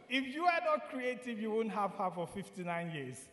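A man from Nigeria preaching a sermon, earnest and repeating key phrases, sometimes singing lines slowly. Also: high-pitched, very animated, roomy sound, in a large hall.

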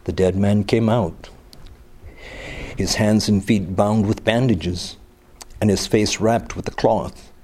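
Low, mellow man teaching the Bible. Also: steady tone, takes it slowly, long pauses. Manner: reads scripture aloud, then comments with asides and rhetorical questions; casual, teasing.

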